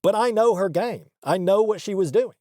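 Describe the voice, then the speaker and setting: A man's voice: high voice, normal speed, a little mellow, dry recording, clean studio sound. A man in a comedic monologue, ranting defensively and justifying himself with insistent repetition. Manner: defensive, self-justifying, repeats for emphasis. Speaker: comedic character host.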